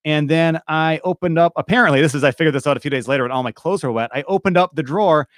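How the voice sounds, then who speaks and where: A man's voice: a little high, fast talker, no room sound, studio quality. Candid, reflective man hosting a podcast. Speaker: podcast host. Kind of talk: casual chat.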